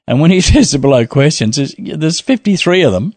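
A man's voice: fairly high pitch, expressive, brisk, few pauses, darkish tone, no room sound. Male co-host, dry close sound, chatty and jokey, reads listener mail with asides. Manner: chatty, laughs often, playful asides. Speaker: podcast co-host reading a listener email. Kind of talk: casual chat.

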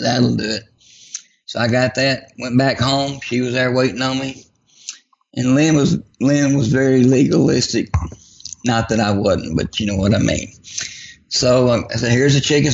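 A man recounts a personal story in a folksy, self-deprecating manner. His voice is heavily gravelly and husky. The recording sounds dull and lo-fi. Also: medium pitch. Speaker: guest.

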